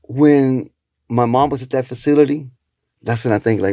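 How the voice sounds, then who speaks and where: A man's voice: medium pitch, normal speed, mellow, dry recording. A man from Houston, Texas, a stand-up comedian guest, telling rambling, profane stories and acting out the voices in them. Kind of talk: casual storytelling interview.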